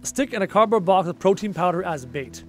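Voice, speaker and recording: Young canadian guy streaming a game, highish voice, chatty, answering chat, bit of music behind. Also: expressive, fast talker. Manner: chatty, thinks aloud and reads out viewer comments. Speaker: livestream gamer. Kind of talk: casual gaming livestream chat.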